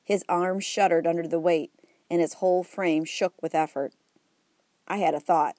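A woman narrating an audiobook in a wry, even storytelling way. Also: lowish voice, normal speed, dry recording, studio quality.

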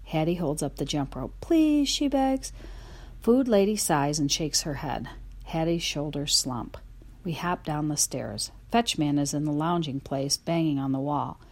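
Told from a dog's point of view in first person, this children's story is narrated as an audiobook by a woman with a deep voice. She keeps a moderate pace and brings lively expression to the telling.

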